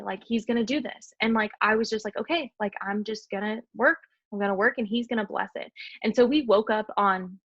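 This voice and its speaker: A woman's voice: mid-range voice, fairly bright tone, dry recording. Young woman pouring her heart out to her team, lots of "like", dry kinda dull call audio. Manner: fast, heartfelt, filler-heavy with frequent "like". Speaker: team leader speaking on a group call. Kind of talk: emotional motivational testimony.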